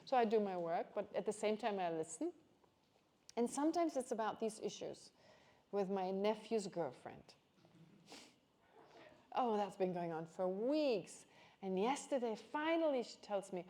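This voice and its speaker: Lively, mellow-voiced woman teaching. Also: mid-range voice, unhurried, pauses often. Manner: chatty, animated storytelling with quoted voices. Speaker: Buddhist teacher. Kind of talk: casual teaching talk. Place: teaching hall at a nunnery.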